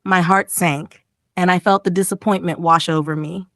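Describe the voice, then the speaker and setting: A woman's voice: steady tone, moderate pace, dry recording. Female narrator for a language lesson, reads emotional vignettes with acted dialogue, dry studio sound. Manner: reads paragraph titles, then acts out quoted lines with raised pitch. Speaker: English lesson reader. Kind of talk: expressive story reading.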